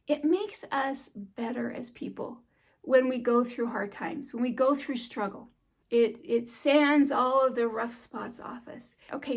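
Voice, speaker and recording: A middle-aged woman in a homeschooling vlog, talking straight to the camera in a chatty, heartfelt way. She laughs easily. Her voice sits a little high. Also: darkish tone. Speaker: homeschool vlogger. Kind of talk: encouraging talk to camera.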